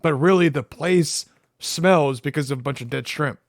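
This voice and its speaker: A man with a fairly high voice shares trivia in a casual podcast chat, loud when he quotes a line. The sound is dry and close, with no room echo. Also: normal speed. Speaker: podcast co-host.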